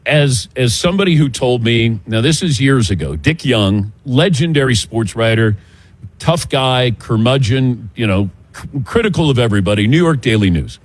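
Male talk show host, husky voice, lively pitch, chatty storyteller. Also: normal speed. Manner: chatty, animated storyteller who chuckles often. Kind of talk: casual sports talk chat.

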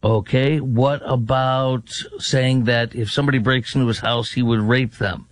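A man fills in as host of a political talk radio show, mocking and sarcastic as he stacks up rhetorical questions. His voice sits at a middling pitch. The studio sound is dry and close. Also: steady tone, normal speed, no echo.

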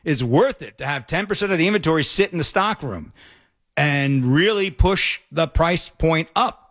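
A male talk radio host with a notably high, fairly bright voice airs his opinions with animated emphasis. He speaks directly to listeners in a commentary style, arguing hard and piling up quick asides.

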